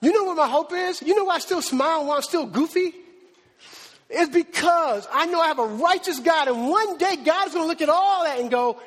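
A man preaching a sermon with animated, emphatic delivery, repeating words for stress. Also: very high voice, brisk. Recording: long hall reverb.

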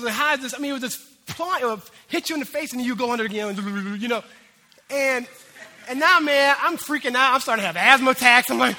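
A man preaching a sermon as a pastor, telling a story in an animated way that swings between loud bursts and hushed moments. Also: very high voice. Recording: hall reverb.

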